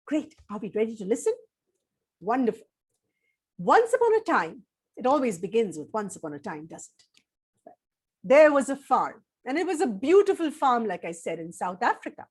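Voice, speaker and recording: A woman tells a children's story with a high voice that rises and falls widely. She sounds sing-song and coaxing, inviting little listeners to take part. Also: slightly rough.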